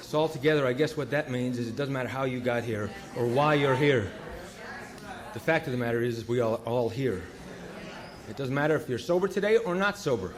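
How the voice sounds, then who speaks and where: A man speaking at a recovery meeting, telling a story in a halting way, full of fillers and self-corrections, with wry self-deprecating humor. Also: medium pitch, a crowd in the background.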